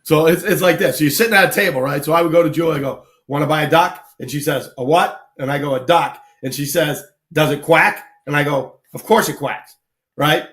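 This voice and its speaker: A man, casually telling lively army anecdotes on a live talk show and acting out the people he quotes. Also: fairly high pitch, brisk. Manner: animated anecdotes, acts out quoted people, laughs often. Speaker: guest storyteller, army veteran.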